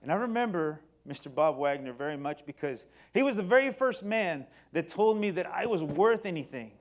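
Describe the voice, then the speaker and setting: Animated man telling a life story. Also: normal speed, a little hiss or hum. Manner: animated, swings between loud excited bursts and quiet low passages. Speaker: company speaker. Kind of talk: personal storytelling talk. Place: stage before an audience.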